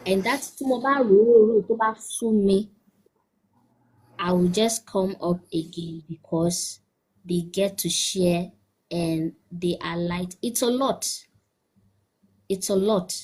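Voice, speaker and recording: A woman's voice: medium pitch, slow pace, pauses often, darkish tone, breathy edge, low-quality recording. A young woman guest speaking earnestly and candidly, mixing English and Yoruba. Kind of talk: conversational chat.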